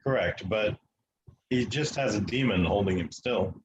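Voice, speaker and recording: A man from the United States, a guest telling a long story in an interview, matter-of-fact and halting with fillers. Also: fairly low pitch, highs cut off, noisy background.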